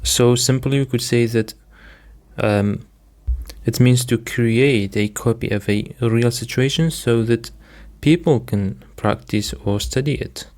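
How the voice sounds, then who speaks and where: Guy teaching english words real slow, says each word twice, lots of um, talks to his dear listeners. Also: mid-range voice, a little mellow. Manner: patient, repeats words and stresses, frequent "um" and "dear listeners". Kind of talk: slow, deliberate vocabulary lesson.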